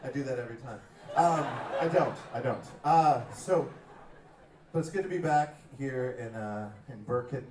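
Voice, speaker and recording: A man's voice: mid-range voice, normal speed, very noisy. A man doing live stage banter with a crowd in a playful, absurd, mock-serious way. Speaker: comedian-musician on stage. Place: concert stage before an audience. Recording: echoey live venue, far mic, loud crowd.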